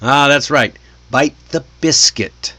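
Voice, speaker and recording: An American man talks through an English lesson at a mid-range pitch. He is chatty and lively, asks the listener questions and laughs easily. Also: slow pace. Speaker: English teacher. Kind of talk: casual video lesson.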